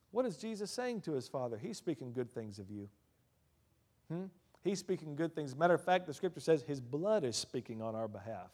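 Emphatic male preacher in an echoing hall. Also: fairly high pitch. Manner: swings between hushed asides and loud emphatic declarations; calls out hallelujah and amen between points. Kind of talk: sermon. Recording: long reverb of a large hall.

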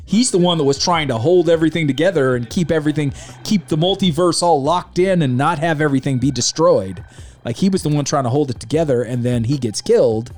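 A man casually ranting about a film on his show, animated and mocking, with a faint music bed. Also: fairly high pitch, fairly quick. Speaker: podcast host reviewing a film. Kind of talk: casual opinionated chat.

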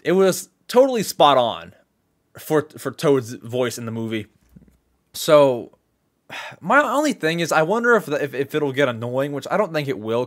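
A young man hosting a casual solo podcast, talking excitably and rambling, with lots of repeated words and restarts. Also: on the high side. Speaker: podcast host.

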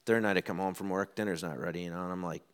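A middle-aged man preaching a sermon, telling stories and acting out quoted lines with lively ups and downs. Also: low-pitched, very fast, smooth. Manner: animated storytelling, acts out quotes. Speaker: pastor.

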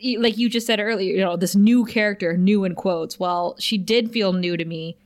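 A woman's voice: medium pitch, normal speed. Chatty woman recapping an episode. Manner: chatty, animated, laughs often. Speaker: podcast co-host. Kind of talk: casual episode recap chat.

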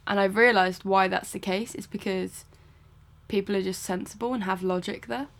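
A woman's voice: mid-range voice, steady tone, vocal fry, a bit bright. Giggly young woman, faint Kiwi twang. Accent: English with a faint Kiwi twang. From New Zealand. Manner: quick, giggly, uses "like" a lot. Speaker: podcast co-host. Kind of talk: casual chat.

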